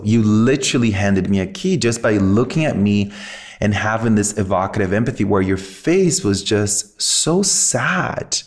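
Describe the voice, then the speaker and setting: Low-voiced guy, earnest and reflective, kinda teary, heartfelt chat. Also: a little mellow. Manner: reflective, earnest, spiritual wording. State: emotional, near tears. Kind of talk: heartfelt conversation.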